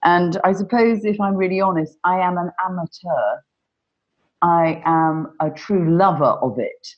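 Low-voiced woman, earnest storyteller. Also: measured pace, muffled recording. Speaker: panel guest, performer. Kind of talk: casual conversation. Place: home during lockdown.

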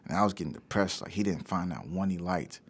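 A young adult man, an actor and podcast guest, telling animated, slangy stories in casual chat and swearing freely. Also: low-pitched, fast talker, husky.

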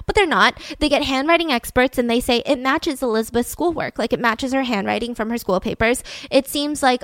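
A woman hosting a podcast tells a true-crime story in a loose, chatty way. Her voice sits fairly high, and she gets animated and openly indignant about what happened. The sound is dry and close. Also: a little fast, dry recording. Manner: animated and indignant, heavy use of "like". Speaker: podcast host.

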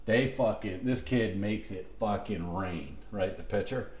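This middle-aged man speaks a little slowly in a lowish, darkish voice, casually telling his friends long, rambling stories peppered with profanity, restarts, and laughter. The podcast audio sounds roomy, with slight background noise.

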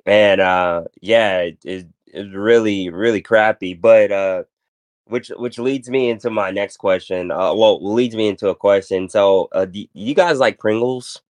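Man, podcast host, low smooth voice, dry close mic, rambling casual storytelling. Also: measured pace, dry recording. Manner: rambling storytelling with many fillers. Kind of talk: casual chat.

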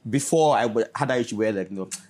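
A man's voice: medium pitch, rapid-fire, darkish tone. A man in his twenties, a business owner and podcast guest, telling stories in an earnest, rambling way. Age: 20s. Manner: earnest, rambling storyteller with many restarts. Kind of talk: casual interview chat.

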